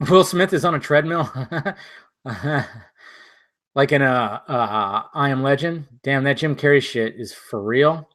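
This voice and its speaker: A man's voice: medium pitch, expressive, a little slow, a bit bright. Loose, profane young male streamer. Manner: loose, profane, laughs often. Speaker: streamer reading chat. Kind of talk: casual live-stream chat. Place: home room with green screen.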